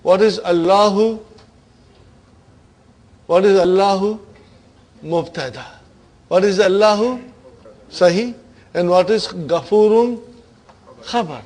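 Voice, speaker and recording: A man's voice: sits high, slow, pauses often, darkish tone, poor audio. A man teaching an Arabic grammar class, quizzing his students with repeated questions and slipping into Urdu phrases now and then. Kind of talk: classroom lecture.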